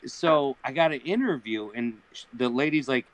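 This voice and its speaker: A man's voice: mid-range voice, moderate pace, a little hiss or hum, poor audio. A man telling funny anecdotes in a casual video call chat, laughing at his own jokes. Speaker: podcast guest.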